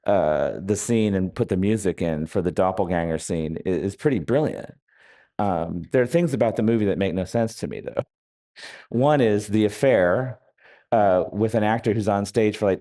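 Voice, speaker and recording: A man's voice: lowish voice, warm tone. A man, an author speaking in a live onstage interview, telling wry, rambling anecdotes with frequent hesitations. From United States. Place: festival stage before an audience.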